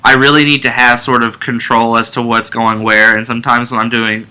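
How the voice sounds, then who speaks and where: Bright-voiced excitable young man. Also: mid-range voice, brisk, clean tone, rough recording. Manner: excitable, rambling with restarts and fillers. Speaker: co-host. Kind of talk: casual fan podcast chat.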